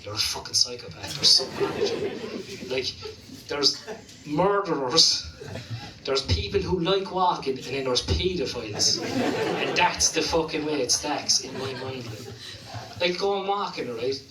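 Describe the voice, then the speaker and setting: A man with a Limerick Irish accent doing stand-up, voice pitched a bit high, telling loose, profane stories padded with "like" and "you know". The sound is echoey and somewhat distant, with a noisy club room and laughter behind him. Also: lively intonation, unhurried. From Ireland. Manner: profane, rambling storytelling with lots of "like". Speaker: stand-up comedian. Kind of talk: stand-up comedy set. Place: comedy club stage.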